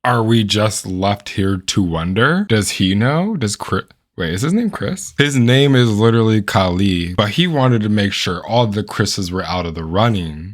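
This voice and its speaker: A man hosting a comedic reaction video, talking in an animated, incredulous way and firing off rhetorical questions. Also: on the low side. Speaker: host reacting to dating app voice notes.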